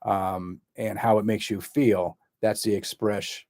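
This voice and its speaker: Low-voiced therapist guy explaining stuff, lots of ums and restarts, dry sound. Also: steady tone, darkish tone, dry recording. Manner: halting, full of fillers and restarts. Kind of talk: explaining a communication skill.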